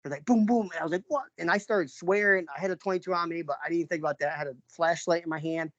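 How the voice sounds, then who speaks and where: A man from New York telling a personal story in a loose, rambling way, full of fillers and restarts, often clearing his throat. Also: a little high, steady tone, very fast, a bit bright, no echo. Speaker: interviewee, father recounting an encounter. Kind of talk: casual spoken storytelling. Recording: dull lo-fi recording.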